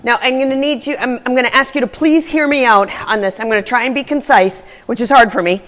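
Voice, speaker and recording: A woman vlogging casually from a gym, chatty and earnest, a little out of breath from moving at a faster pace. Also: a little high, a bit bright. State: slightly out of breath. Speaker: running vlogger. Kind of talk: casual vlog talk.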